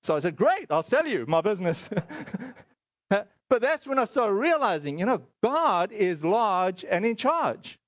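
High-voiced man telling a faith story. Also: very animated, measured pace, fairly bright tone, dry recording, lo-fi sound. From South Africa. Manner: storytelling with many fillers and acted dialogue. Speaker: speaker. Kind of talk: testimony sermon.

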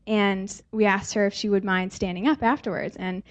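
A woman's voice: mid-range voice, fairly even intonation, normal speed, hardly any pauses, a little mellow, highs cut off. Chatty young woman sharing testimony. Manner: casual, chatty, many fillers and laughs. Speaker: church speaker sharing testimony. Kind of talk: testimony in a sermon.

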